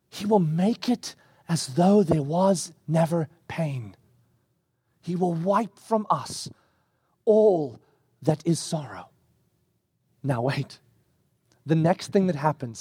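High-voiced, animated male preacher. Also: no echo, clean studio sound. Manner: animated and emphatic, slowing down to stress words; acts out scripture quotes in character voices. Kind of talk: sermon.

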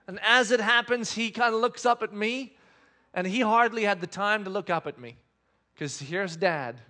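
A man in his thirties, a pastor telling a family story in a sermon, animated and swinging from quiet asides to loud outbursts. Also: high-pitched.

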